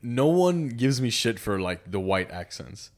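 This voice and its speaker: A man's voice: medium pitch, big pitch swings, unhurried. A young man from Lebanon chatting casually on a podcast, rambling with lots of fillers. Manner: rambling, lots of fillers, breaks into put-on accents.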